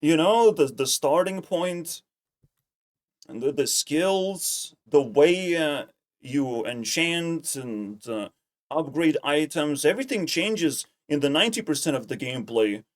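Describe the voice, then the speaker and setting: Profane ranting male streamer, higher voice. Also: expressive, takes it slowly. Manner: heated, profane, repeats himself when worked up. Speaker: streamer reacting to clips. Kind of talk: casual ranting commentary.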